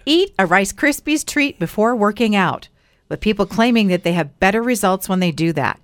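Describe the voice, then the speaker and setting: A woman's voice: mid-range voice, normal speed, no echo. A woman co-hosting a radio morning show, reading light news items with upbeat, laughing banter. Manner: upbeat, laughs often, lively delivery.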